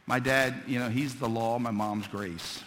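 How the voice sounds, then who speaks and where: A male pastor preaching a fervent sermon, building from quiet storytelling to loud shouted appeals. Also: mid-range voice, fairly even intonation, unhurried, big-room sound, slight background noise.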